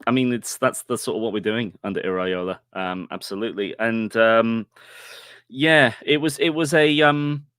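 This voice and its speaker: A man co-hosting a casual live football chat, talking in a hesitant, halting way. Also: mid-range voice, a bit bright, clean tone, no room sound, clean studio sound. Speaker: podcast co-host.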